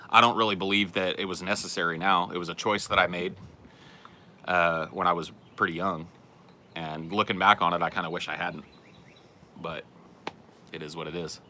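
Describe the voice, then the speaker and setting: A man's voice: low voice, fairly even intonation, moderate pace, long pauses, bright, forceful tone. A young man from California's Central Valley with a general American Southern accent, chatting casually as a podcast host and often stammering and restarting his sentences. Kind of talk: casual Q&A chat.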